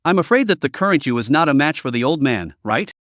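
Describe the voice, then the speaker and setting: A cold, sneering old demonic cultivator, read out by a man with a slightly high voice. He talks with open scorn, every word dry and close to the mic. This is a villain in a fantasy storybook recap. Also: very animated, fast, a bit bright, no room sound. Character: scheming cruel old male demonic cultivator.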